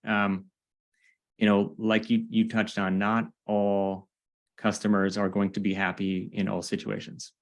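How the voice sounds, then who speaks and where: A man hosting a podcast interview, asking long rambling questions with many restarts. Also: lowish voice. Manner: chatty, restarts often. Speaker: podcast host. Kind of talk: casual interview.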